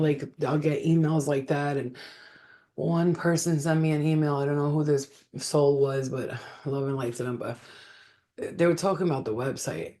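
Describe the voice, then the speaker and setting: A woman's voice: low-pitched, dark tone. A woman hosting a casual livestream as a spiritual healer, rambling, swearing freely and laughing often.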